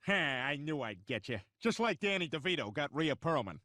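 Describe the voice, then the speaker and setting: An actor voicing a dim, boastful middle-aged husband in a cartoon. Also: male voice, on the high side, sing-song, moderate pace, pushed and bright, no echo, clean studio sound. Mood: goofy. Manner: goofy, dopey, boastful.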